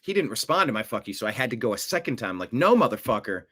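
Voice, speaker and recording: A man hosting a profane political rant, swinging from low mutters to loud outbursts. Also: sing-song, racing. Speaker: political commentary host.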